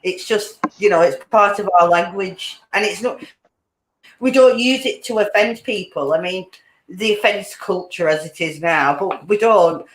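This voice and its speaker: A woman's voice: mid-range voice, measured pace, slight background noise. A woman from Ireland hosting a casual chat podcast, talking freely, swearing and laughing often. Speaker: podcast host. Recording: roomy echo.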